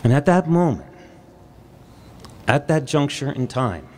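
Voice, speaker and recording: A man's voice: fairly high pitch, big pitch swings, a little mellow, a little hiss or hum. Man telling a personal story live. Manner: measured, reflective, with dramatic pauses. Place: storytelling event on stage.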